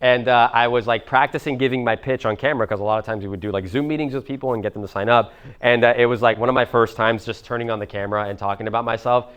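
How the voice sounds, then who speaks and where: Young man, Miami accent, rapid talk, smooth clear voice, casual profane seminar coaching. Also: medium pitch, fairly even intonation, a bit bright, highs cut off. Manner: casual, profane, fast, many fillers like "like" and "bro". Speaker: business coach. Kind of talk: live seminar talk to an audience.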